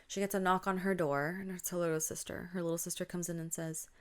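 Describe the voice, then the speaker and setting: A woman casually retells a spooky story on her podcast, her voice sitting a little low. She talks in a chatty way and slips into a hushed whisper when the story gets tense. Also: little pitch movement, fast, smooth. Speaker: podcast host.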